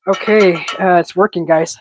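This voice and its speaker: With a noisy background behind her, the stream host cooks live while nursing a head cold, sniffling, chatting and reading out viewer comments. Her fairly low voice moves at a normal speed with fairly even intonation.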